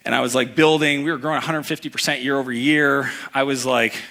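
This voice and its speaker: A man giving an energetic motivational talk to a live audience, telling personal stories and acting out the people in them. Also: medium pitch, fast. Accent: Canadian. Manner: energetic storytelling, acts out voices in anecdotes. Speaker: keynote speaker. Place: event hall before a live audience.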